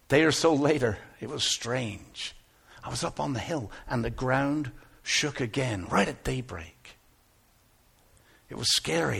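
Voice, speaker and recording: An actor playing an aging biblical shepherd, telling his story earnestly, moving between hushed tones and exclamations. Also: medium pitch, creaky, husky, full character voice. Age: older. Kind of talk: first-person dramatic monologue.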